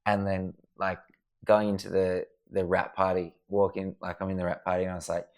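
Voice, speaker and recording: A man's voice: deep voice, flat delivery, a little fast, darkish tone. A man telling sweary, rambling stories in casual chat at home at night. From Australia. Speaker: podcast guest. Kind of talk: casual storytelling. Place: house at night.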